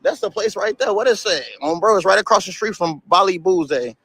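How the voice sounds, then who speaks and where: A man's voice: high-pitched, a little fast, vocal fry, sharp tone, husky, dry recording, poor audio. A man vlogging as he walks around a street outdoors, chatting casually with passers-by and swearing now and then. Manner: laid-back, swears, chats with passers-by. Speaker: travel vlogger.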